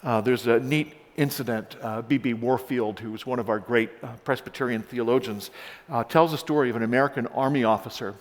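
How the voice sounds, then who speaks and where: Male pastor, sermon, animated storytelling, mid-pitched voice, long church reverb. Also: fairly quick. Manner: animated storytelling, frequent repeated starts. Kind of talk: sermon with scripture reading. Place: church sanctuary.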